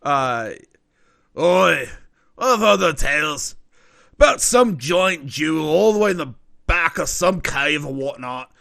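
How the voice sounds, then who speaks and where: A man voicing a sly, gruff male deep gnome barkeeper who talks in rough slang. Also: expressive, takes it slowly, pushed and bright, exaggerated voice. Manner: rough slangy talk with "oi" and "ain't".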